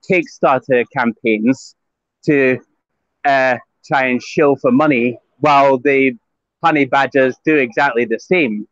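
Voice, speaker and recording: A man's voice: medium pitch, dry recording. Scottish man, guest on a chat stream, lots of ums and restarts, dry muffled phone audio. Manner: hesitant, many fillers and restarts. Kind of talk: casual online chat.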